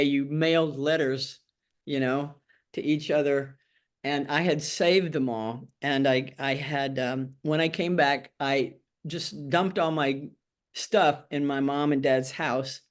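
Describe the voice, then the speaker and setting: An older woman from Tennessee, telling her life story frankly and wryly in an oral history interview, acting out the voices of people she quotes. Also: low voice. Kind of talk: candid personal storytelling.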